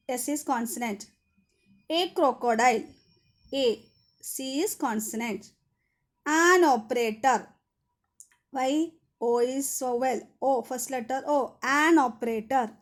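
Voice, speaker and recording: A woman teaching a children's grammar lesson, repeating each rule and answer step by step. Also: high voice. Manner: slow, repetitive, spells out each rule.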